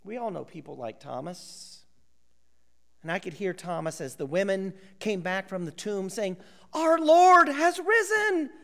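A male pastor preaching a sermon, acting out voices of biblical characters and dropping to a hushed whisper for emphasis. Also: sits high, normal speed, gravelly, in a large hall.

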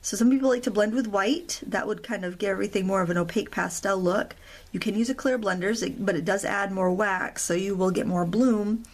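A middle-aged woman hosting a real-time coloring tutorial at a craft table, chatty and rambling, with self-deprecating asides. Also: mid-range voice.

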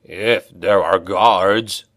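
A gruff, greedy dwarf, voiced by a male narrator with a low grumbling voice. He talks slowly and scornfully. The sound is dry. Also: fairly even intonation, a bit bright, no room sound, exaggerated voice. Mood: gruff scorn.

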